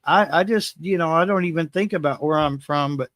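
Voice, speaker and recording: A man's voice: a little high, brisk, fairly bright tone, dry recording. A man from Cleveland with a Kentucky accent, talking in an easygoing way on a livestream. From Cleveland, USA. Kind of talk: casual chat.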